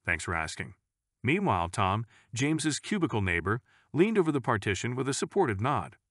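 A man reading a scripted story in a measured, even storytelling manner. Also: mid-range voice, no echo, studio quality. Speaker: narrator.

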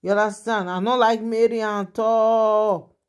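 A woman's voice: fairly high pitch, steady tone, measured pace, clean tone. A woman with a Nigerian accent hosting her own channel, chatting casually and animatedly as she shares celebrity gossip and laughs often.

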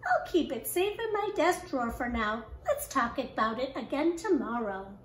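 A woman voicing a calm schoolteacher in a children's story, gentle and even. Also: high-pitched, moderate pace, roomy sound, a little hiss or hum.

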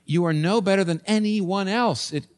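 A man's voice: sits high, normal speed. Emphatic male pastor preaching. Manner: emphatic, with sudden rises and soft drops. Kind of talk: sermon.

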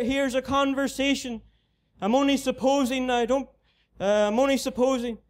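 A Northern Irish man preaching a gospel sermon in a mission tent. His voice sits very high and holds a flat, even line. He repeats his appeals to the unbeliever with steady earnestness. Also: smooth.

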